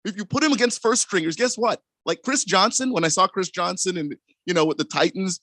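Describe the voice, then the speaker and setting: A man's voice: high voice, brisk, pushed and bright, dry recording. A man co-hosting a sports radio show, arguing his points insistently in casual banter. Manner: argumentative, insistent. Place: radio studio.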